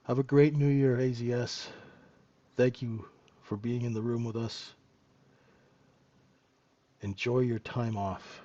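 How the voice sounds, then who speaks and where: A man's voice: mid-range voice, little pitch movement, slow, pauses often, warm tone, highs cut off. A middle-aged man hosting a live trading room, chatting casually and joking with viewers, laughing often. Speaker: trading room host and mentor.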